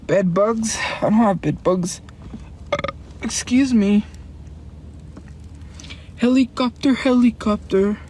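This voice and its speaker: A woman livestreaming from inside a car, chatting in a rambling, defensive way and answering her chat with quick laughs. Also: mid-range voice, a little mellow, slight background noise.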